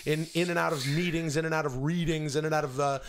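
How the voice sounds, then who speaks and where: A man hosting a comedy podcast, scolding and explaining in a quick, mock-formal way. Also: fairly high pitch, fairly even intonation. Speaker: podcast host. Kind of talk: casual comedy podcast banter.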